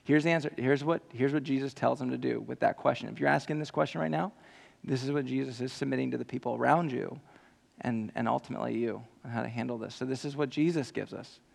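A male pastor preaching a sermon with animated, jokey storytelling and earnest appeals to the listeners. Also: mid-range voice, quick pace, vocal fry. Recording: long hall reverb.

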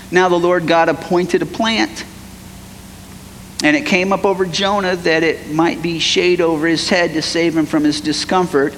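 A man preaching a sermon as pastor, animated, acting out the voices of biblical figures. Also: sits high. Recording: long hall reverb, faint noise.

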